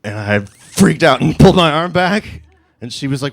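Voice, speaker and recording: A man's voice: a little high, expressive, moderate pace, vocal fry. A man in his thirties telling a comic personal story to a live audience, laughing through his lines as he mocks himself.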